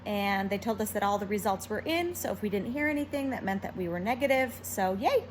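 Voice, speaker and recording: A woman who works at a nursing home, telling a story in a casual vlog in an expressive, chatty way with many fillers, seated in a car. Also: mid-range voice, brisk, a little hiss or hum, rough recording.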